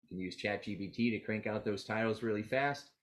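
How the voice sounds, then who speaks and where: A man's voice: on the low side, brisk. A man presenting a live motivational seminar on getting clients, telling stories with acted-out quotes and calling on the audience to repeat after him. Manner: energetic, animated storytelling with quoted dialogue.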